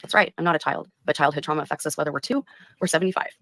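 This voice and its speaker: A woman's voice: sits low, very fast, fairly bright tone, no echo. A woman livestreamer speaking defensively and close to tears. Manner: defensive, tearful. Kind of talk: live stream replayed.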